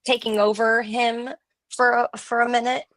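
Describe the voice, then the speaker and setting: A woman's voice: fairly high pitch, little pitch movement, moderate pace, crowd noise, poor audio. A woman co-hosting a casual book chat, talking hesitantly with many fillers and giggles. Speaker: podcast co-host.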